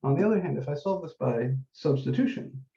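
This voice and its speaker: Male math instructor, very dark tone, methodical classroom delivery, echoey room. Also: a little high, lively intonation. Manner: methodical, repeats key steps, says numbers slowly while writing. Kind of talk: classroom lecture. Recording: dull echoey classroom recording.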